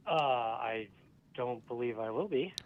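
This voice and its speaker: Awkward, hesitant man heard over a muffled phone line, mid pitch. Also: expressive, measured pace. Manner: hesitant and awkward, many fillers. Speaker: person on a phone call.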